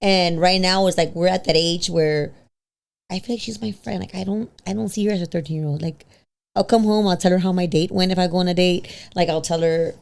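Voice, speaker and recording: A woman in her thirties, a podcast guest telling a personal story casually, acting out quoted voices with big pitch jumps and slipping into Spanish now and then. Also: steady tone, a little fast, gravelly. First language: bilingual, switches into Spanish. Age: 30s.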